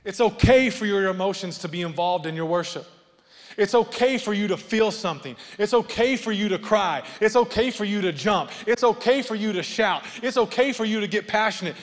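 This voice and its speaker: Male pastor, higher-pitched voice, animated sermon delivery with joking asides, long church-hall reverb. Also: normal speed. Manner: animated preaching, rising loud then dropping soft, joking asides. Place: church sanctuary.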